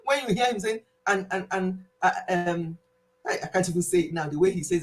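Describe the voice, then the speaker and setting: This host has a lowish voice and a moderate pace, captured with poor audio. She's from Nigeria, speaks with a Nigerian accent, and grew up with Igbo, which she blends into the lively, laugh-filled stories of her casual health live stream.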